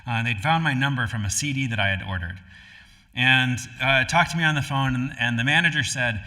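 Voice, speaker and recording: A male pastor from Connecticut giving a storytelling sermon in a relaxed, conversational way, with frequent fillers and restarts. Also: mid-range voice, fairly quick. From Connecticut, USA. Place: church sanctuary. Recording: live-streamed hall with long reverb.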